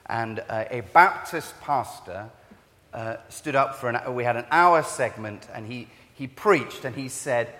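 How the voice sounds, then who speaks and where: A man preaching a sermon, conversational and halting, telling stories with animated bursts. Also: medium pitch, in a large hall. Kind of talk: sermon with storytelling.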